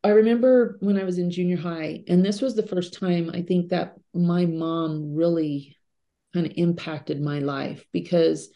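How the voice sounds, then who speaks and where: This middle-aged podcast guest speaks a little slowly, with mostly even intonation and some vocal fry, her warm, mellow voice sitting just below average pitch. Recounting personal stories, she sounds earnest and chatty, dropping casual fillers as she thinks aloud. The recording has its high frequencies cut off.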